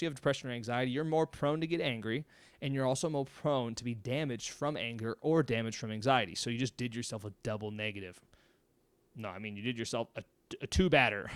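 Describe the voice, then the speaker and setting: A man hosting his own mental health coaching show, giving casual advice in an energetic, emphatic way and acting out sample conversations, speaking close to a microphone. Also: medium pitch, smooth, no room sound.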